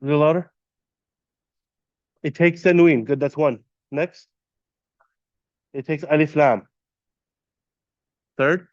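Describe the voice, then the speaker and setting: A man teaching a classroom lesson, patiently quizzing students and repeating terms slowly. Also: fairly high pitch, no echo, lo-fi sound. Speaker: Arabic teacher. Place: classroom at an Islamic center.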